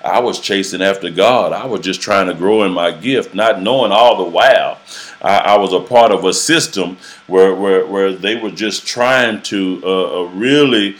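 Deep-voiced preacher, halting and earnest. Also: male voice. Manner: halting, repeats words often, earnest. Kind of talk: personal testimony in a casual interview.

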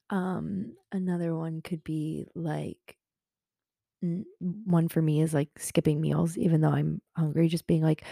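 Low gravelly woman, earnest and rambling. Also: warm tone, no room sound, clean studio sound. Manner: earnest, rambling, lots of fillers. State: a little hungover. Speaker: podcast host. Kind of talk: casual self-help talk. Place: in her bed at home.

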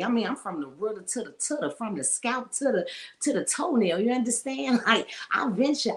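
A woman's voice: on the high side, a bit bright. A woman in her forties hosting a casual live-streamed podcast, chatting freely, greeting viewers by name and laughing often. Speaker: podcast host.

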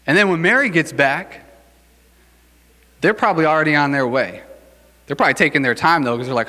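A man's voice: fairly high pitch, lively intonation, a little fast, long pauses, bright, forceful tone, big-room sound. A man preaching a sermon in a casual, joking, conversational way. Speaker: pastor.

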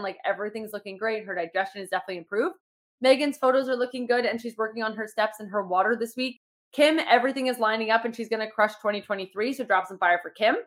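Her voice sits on the high side and sounds a bit bright. She's a young fitness coach chatting on a podcast, encouraging her clients in an upbeat way, filling her speech with fillers and saying "like" constantly.

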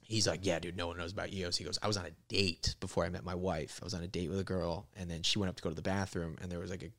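A young man, a comedian, casually telling a long travel story with lots of profanity and animated delivery. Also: deep voice, very fast, vocal fry. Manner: animated, profane, laughs through punchlines. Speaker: comedian guest.

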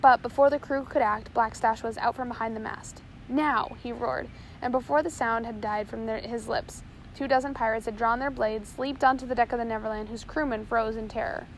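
A woman's voice: fairly high pitch, brisk, slight background noise, low-quality recording. Woman reading an adventure story aloud. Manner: steady, occasional slips and restarts. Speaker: narrator.

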